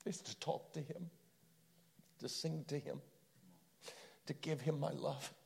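A man's voice: a little high, fairly even intonation, slow pace, creaky, a little mellow. A man preaching a sermon with impassioned storytelling and rhetorical questions.

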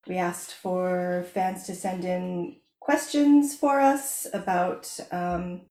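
A woman podcast host talks casually at a medium pitch, chatty and laughing lightly. Her voice rings in a roomy, echoey space. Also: darkish tone. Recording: echoey room.

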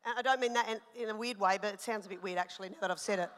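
A woman pastor in her thirties preaching a sermon, animated and personal, telling stories with rising emphasis. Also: medium pitch, rapid-fire, noisy background. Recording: long hall reverb.

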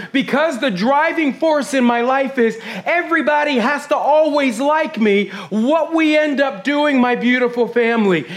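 A middle-aged man preaching a sermon as pastor, fast and intense, swinging from hushed whispers to loud bursts. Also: very high-pitched.

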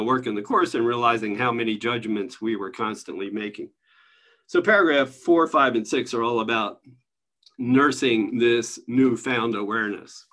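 Guy running an online study group on a video call, laid back, chuckly, mid pitch. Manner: relaxed, chuckling, conversational. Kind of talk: casual spiritual teaching.

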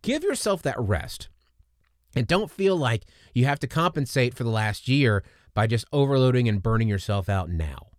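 A man's voice: medium pitch, sing-song, moderate pace, dry recording, clean studio sound. A man hosting a casual faith-based podcast, talking in an earnest, rambling way with many restarts and repeated words. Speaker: podcast host.

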